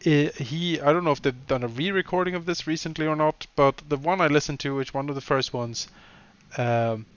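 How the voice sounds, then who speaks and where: A man with a fairly high voice chats loosely while playing a game, rambling through stories with many restarts. He gets animated when he tells a tale. The sound is dull and lo-fi, like a cheap headset. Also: brisk, smooth, no room sound. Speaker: co-host of a game let's play. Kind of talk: casual gaming chat.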